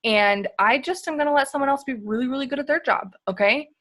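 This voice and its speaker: A woman on a video call giving an energetic, emphatic motivational sales talk, peppered with "like" and "you guys". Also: high-pitched, fast. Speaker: guest speaker on a sales team call.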